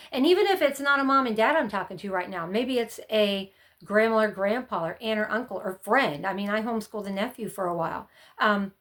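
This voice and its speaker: A woman's voice: mid-range voice, a bit bright. A middle-aged woman chatting casually to camera, giving rambling, friendly advice from her years as a homeschooling mom. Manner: chatty and rambling, often acts out her own past panics.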